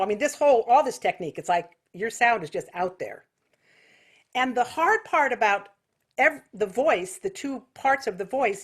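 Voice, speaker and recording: A woman teaching a singing class over a video call, explaining technique casually and thinking aloud with fillers and restarts. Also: mid-range voice. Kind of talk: online singing lesson.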